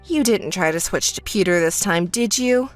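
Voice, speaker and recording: A woman voicing a calm, fed-up older sister in a texting story voice-over, flat and dismissive. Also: on the low side, moderate pace, faint music behind, pitched below the performer's own voice, natural voice. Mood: dry.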